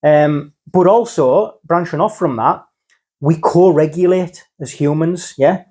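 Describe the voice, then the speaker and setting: A man's voice: on the high side, unhurried, a little mellow, husky. A middle-aged man from England, talking casually as a guest and checking in with "okay?" and "yeah?" as he explains. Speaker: podcast guest, father. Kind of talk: casual conversation.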